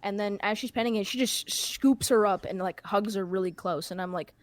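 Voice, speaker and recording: A woman's voice: mid-range voice, fairly quick. A young woman hosting a podcast, telling a long anecdote in a casual, rambling way with plenty of fillers. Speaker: podcast host. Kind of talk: casual storytelling chat.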